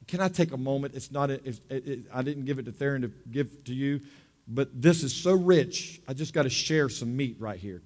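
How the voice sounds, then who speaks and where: A man preaching a sermon with fervent delivery, reading scripture and swinging between loud bursts and hushed asides. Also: medium pitch, brisk. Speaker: pastor.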